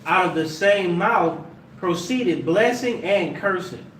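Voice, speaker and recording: Male scripture reader, high voice, slow and measured, distant and echoey. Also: lively intonation, fairly bright tone. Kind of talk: reading scripture aloud. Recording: distant, echoey room with faint noise.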